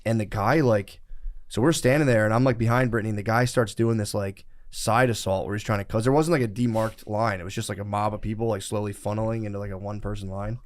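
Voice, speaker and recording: A man's voice: lowish voice, steady tone, fast talker. A young man on a podcast, telling a rambling, profane story in casual chat, with frequent laughs. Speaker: podcast host.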